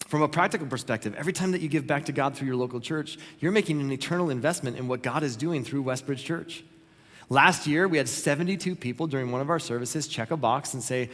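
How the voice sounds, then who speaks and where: A pastor preaching a sermon, earnest and conversational, acting out quoted prayers along the way. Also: male voice, mid-range voice, quick pace, fairly bright tone. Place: church auditorium. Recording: long reverb of a church hall.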